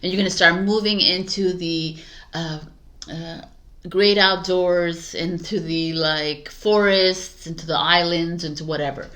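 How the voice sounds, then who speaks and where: Bright-voiced woman tarot reader, rambling. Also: fairly low pitch, steady tone, unhurried. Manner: rambling, heavy use of "like", frequent soft laughs. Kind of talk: casual spiritual monologue.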